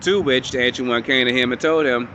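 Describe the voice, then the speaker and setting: A man casually recapping and reviewing a show episode, animated and storytelling, acting out characters' lines and swearing freely. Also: medium pitch, fairly quick, muffled recording, slight background noise.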